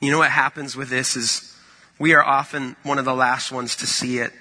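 Bright-voiced preacher in a reverberant hall. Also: male voice, medium pitch, level tone, normal speed. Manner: conversational, storytelling with acted-out quotes. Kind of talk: sermon.

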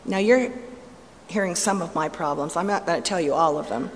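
A woman's voice: fairly low pitch, fairly quick, slight background noise. Woman testifying in a reverberant hall. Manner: storytelling, swings from playful to hushed and intense. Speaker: speaker giving a testimony. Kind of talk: sermon-style personal testimony. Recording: long hall reverb, faint ambience.

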